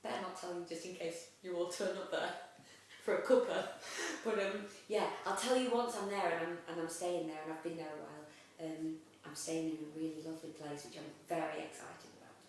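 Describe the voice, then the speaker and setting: A young actress chatting in an interview, lively, with frequent laughs and "um" fillers. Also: female voice, lowish voice, a little fast, a little hiss or hum. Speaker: actress guest. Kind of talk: casual interview chat. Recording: echoey room, mic at a distance.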